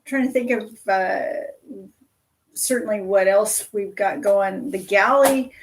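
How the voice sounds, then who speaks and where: A woman co-hosting a casual live chat aboard a small sailboat, soft-spoken and quick to laugh. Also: medium pitch, rough recording. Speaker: sailing vlog co-host.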